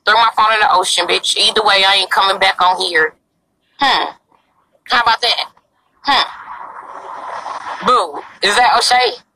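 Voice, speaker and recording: A woman's voice: medium pitch, measured pace, long pauses, bright, forceful tone, slight background noise, low-quality recording. A young woman livestreaming outdoors in a parking lot on her phone, talking in a brash, crude and pleading way. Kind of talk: casual live-stream chat.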